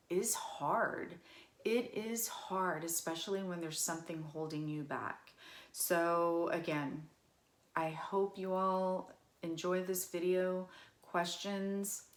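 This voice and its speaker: Emotional woman in her forties, slow. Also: lowish voice. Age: 40s. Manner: emotional, halting, with many fillers and restarts. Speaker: vlogger. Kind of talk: casual personal vlog. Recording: echoey room.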